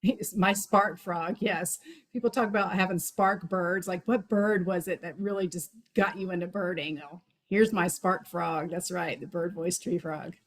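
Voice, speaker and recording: A woman's voice: on the low side, fairly even intonation, moderate pace, poor audio. Chatty woman presenting on frog calls. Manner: chatty, enthusiastic, many fillers. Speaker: wildlife outreach coordinator.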